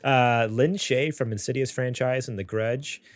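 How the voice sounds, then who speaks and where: Brief: young male podcast co-host, mid-pitched, steady news-reading delivery, dry close mic. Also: unhurried, no room sound. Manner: reads news stories aloud in an even, steady way. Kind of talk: casual gaming podcast chat.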